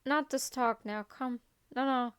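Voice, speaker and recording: A woman's voice: sits high, fairly even intonation, a little slow, clear, resonant tone. A woman reacting to a video game story, emotional and repeating her exclamations.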